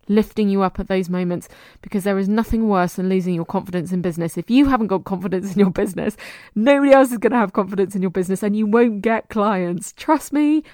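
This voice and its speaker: A woman's voice: on the high side, no room sound, studio quality. A woman hosting a motivational business podcast, encouraging her listeners in short, punchy, repeated phrases and laughing lightly between points. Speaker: podcast host and business coach.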